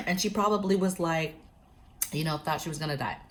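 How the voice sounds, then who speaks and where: A woman telling a story and giving advice to camera in a casual, chatty prepping vlog, often speaking straight to her viewers. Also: low voice. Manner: chatty, keeps addressing viewers directly. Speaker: prepping vlogger.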